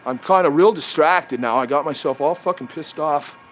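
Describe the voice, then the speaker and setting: There's slight background noise as a fairly high-pitched man talks at a normal speed, hosting a livestream outdoors in the trees. Through his head-mounted camera he delivers a profane, heated, rambling rant.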